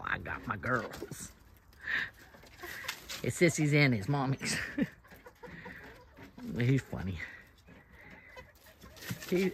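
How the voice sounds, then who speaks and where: A woman's voice: very deep voice, a bit bright, a little hiss or hum. A woman vlogging from her small farm, chatting casually to viewers while scolding and coaxing her chickens as she does chores outdoors. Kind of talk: casual vlog narration while doing chores. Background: clucking chickens and birds.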